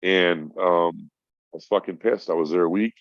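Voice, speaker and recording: A man's voice: low-pitched, fairly even intonation, moderate pace, no room sound. A middle-aged man, stoned, telling a rambling, profane story in casual chat as a podcast guest. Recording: dull lo-fi sound.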